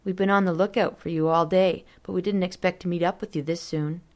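A woman voicing a polite, hesitant older woman who speaks softly. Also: fairly low pitch, steady tone, brisk, natural voice. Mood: gentle. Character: gentle bereaved older woman.

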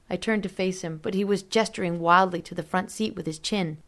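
A woman reading a story aloud as narrator in a steady, measured way. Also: on the low side. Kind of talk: audiobook narration.

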